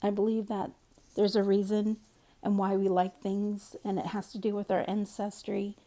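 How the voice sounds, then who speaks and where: Woman, casual storyteller; soft, warm tone, rambling and candid. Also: mid-range voice, level tone, moderate pace.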